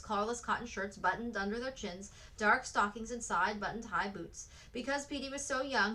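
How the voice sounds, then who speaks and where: A woman reading a children's novel aloud, with steady, expressive storybook delivery and small slips now and then. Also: mid-range voice, poor audio.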